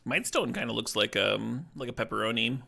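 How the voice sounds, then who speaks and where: A man streaming a card game draft, talking casually in a playful, joking way and swearing when excited. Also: medium pitch, brisk, vocal fry.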